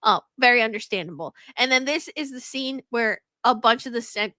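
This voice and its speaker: Bright-voiced woman co-hosting a podcast. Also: fairly high pitch, fairly quick, no room sound. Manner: laughs often, swears casually, recaps plot. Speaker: podcast co-host. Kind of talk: casual podcast chat.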